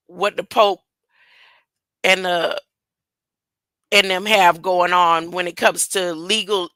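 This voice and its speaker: Woman, slow drawn-out talk, bright tense tone, rambling commentary, stumbles over words. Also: lowish voice, no room sound, low-quality recording. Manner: rambling, trips over words and laughs at herself. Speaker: online commentator. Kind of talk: casual commentary, reading a news story aloud.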